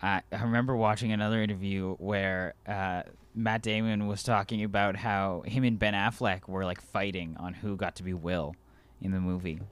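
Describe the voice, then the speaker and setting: A young man co-hosting a casual movie podcast, talking excitedly with lots of fillers and restarts. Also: on the low side, moderate pace, smooth. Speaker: podcast co-host.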